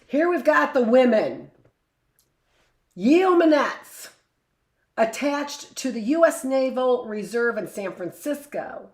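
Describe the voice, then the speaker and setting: A woman's voice: sits high, sing-song, slow pace, darkish tone, reverberant. A woman teacher reading a history book aloud to a class, stopping for chatty asides and correcting her own slips.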